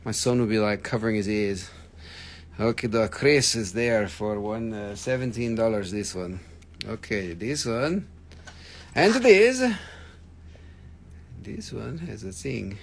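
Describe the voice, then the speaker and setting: A man hosting a live stream where he sells rocks, gushing excitably over each stone, swearing freely and bantering with viewers. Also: lowish voice, slow, gravelly, pauses often, slight background noise. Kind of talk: live sales stream chat.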